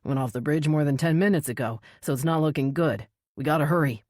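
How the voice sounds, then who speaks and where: A woman voicing a big male firefighter who speaks loudly and with command in an audiobook. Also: low-pitched, quick pace, dry recording, studio quality. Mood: urgent. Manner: loud, commanding. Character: brawny male firefighter shouting orders.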